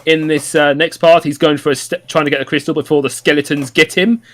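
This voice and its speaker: A man's voice: a little high, level tone, fast. A man casually recapping a story on a podcast, rambling with lots of ums, uhs and restarts. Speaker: podcast co-host.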